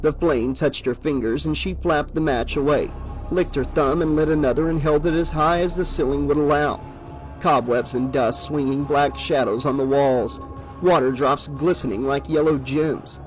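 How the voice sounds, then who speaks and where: A man giving a steady, measured audiobook narration of a horror novel. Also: a little high, faint music behind, low-quality recording.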